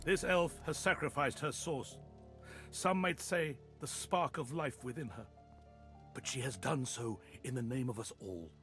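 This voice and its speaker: An actor playing a cruel, zealous male high judge in a video game, speaking in a silky, condescending way. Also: a little slow, a bit bright, faint music behind, lightly acted. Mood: sanctimonious.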